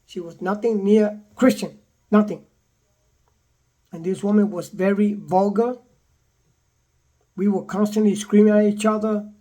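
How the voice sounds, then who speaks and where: An older man casually telling a personal story in a repetitive, animated way, quoting the people in it. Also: sits high, unhurried, pauses often. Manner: repetitive, animated retelling with acted quotes. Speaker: vlogger telling his own story.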